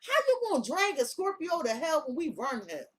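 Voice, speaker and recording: High-voiced woman, tarot reader, casual monologue, slangy and emphatic with lots of cursing. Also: very animated, a little fast. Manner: blunt, profane, slangy and emphatic.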